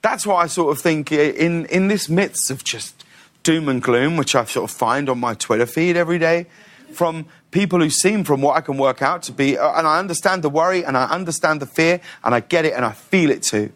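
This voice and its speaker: A middle-aged man chats as an interview guest, swinging between laughter and hushed, earnest telling. His voice sits a bit high for a man, and his stories move quickly. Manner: animated, laughing storyteller. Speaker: talk show host, guest. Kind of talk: casual interview storytelling.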